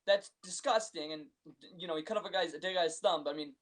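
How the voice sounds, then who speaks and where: High-voiced, animated young man. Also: quick pace. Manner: animated storyteller, acts out scenes in excited voices. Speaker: podcast co-host. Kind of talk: casual chat.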